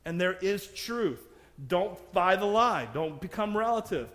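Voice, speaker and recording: Man, preacher, sermon, self-deprecating jokes, frequent laughter, fairly high voice, reverberant church. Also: lively intonation, measured pace, a bit bright. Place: church sanctuary.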